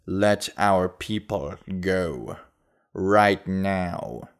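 A man voicing a cunning, menacing male imp leader in an audiobook, with a put-on Southern drawl and slow threats. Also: low voice, animated, smooth, full character voice. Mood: curt.

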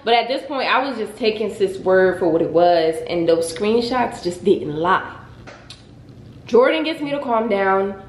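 A young woman casually telling a dramatic story on her vlog, in a lively, expressive way. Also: mid-range voice, measured pace, a little hiss or hum. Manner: dramatic, animated retelling. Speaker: vlogger. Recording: echoey room.

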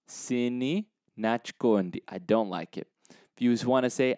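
Man teaching phrases, smooth dry voice. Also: expressive, darkish tone, no echo. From Zambia. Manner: repeats phrases slowly, rising pitch on quoted lines. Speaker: language teacher. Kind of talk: casual language lesson.

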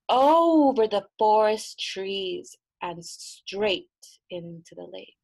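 A middle-aged woman and midwife telling a folk tale aloud, in a hushed, drawn-out way with dramatic pauses. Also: mid-range voice, rough recording. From US-Mexico border region. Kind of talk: oral storytelling.

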